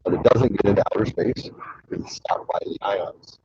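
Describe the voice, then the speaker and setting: A man's voice: lowish voice, brisk, darkish tone, muffled recording, a little hiss or hum. A man hosting his own show, telling rambling stories casually with lots of fillers and crude humor. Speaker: show host.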